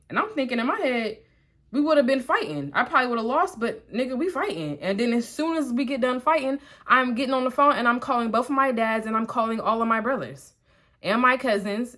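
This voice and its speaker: Young woman vlogger, chatty storytime, lively slang, acts out quotes. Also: mid-range voice, fairly quick. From Columbus, Ohio. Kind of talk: storytime while getting ready.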